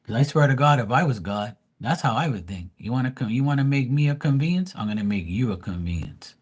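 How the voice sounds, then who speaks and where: A man's voice: medium pitch, animated, quick pace, husky. A man from Bermuda hosting a live tarot stream, ranting bluntly and profanely in casual chat.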